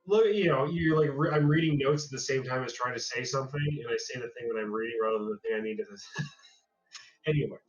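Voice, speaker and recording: A man running a tabletop horror game as game master, narrating in a halting, hesitant way with many pauses. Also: mid-range voice. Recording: distant, dull lo-fi mic.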